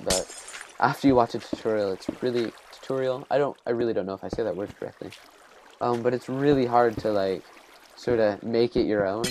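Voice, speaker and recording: A man's voice: fairly low pitch, slight background noise. A man giving casual let's-play commentary, rambling and self-deprecating as he thinks aloud while building. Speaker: gameplay commentator.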